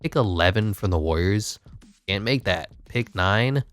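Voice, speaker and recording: Deep-voiced male gamer, dry close mic, sarcastic play-by-play. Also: expressive, unhurried, a bit bright, no room sound. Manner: wry, sarcastic, thinking aloud. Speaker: gaming YouTuber. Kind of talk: casual gameplay commentary.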